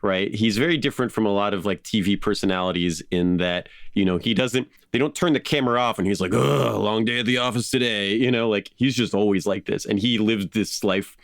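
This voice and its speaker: A man hosting a podcast, telling a story in casual chat, animated with frequent laughs and fillers. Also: fairly low pitch, fairly quick, few pauses, no room sound, clean studio sound. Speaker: podcast host.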